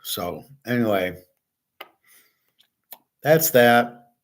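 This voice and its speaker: A man's voice: mid-range voice, animated, very slow. A man hosting his own show, ranting bluntly about money and gold in a scornful, rambling way, with swearing and restarts. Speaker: host. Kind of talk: unscripted rant on gold and economics.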